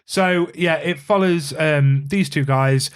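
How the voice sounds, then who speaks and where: A man's voice: on the high side, slow, smooth. A man co-hosting a podcast, chatting casually about a film, swearing now and then and acting out bits of dialogue. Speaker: podcast co-host.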